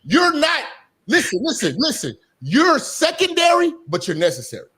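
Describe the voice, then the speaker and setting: A man's voice: very high-pitched, huge pitch swings, moderate pace, sharp tone. A man lecturing emphatically and repetitively in a heated streamed debate. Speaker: debate guest.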